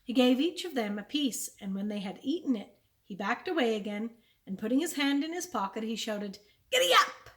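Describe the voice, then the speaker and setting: A woman, a children's librarian, reading a chapter book aloud with clear, expressive storytelling. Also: on the high side, brisk.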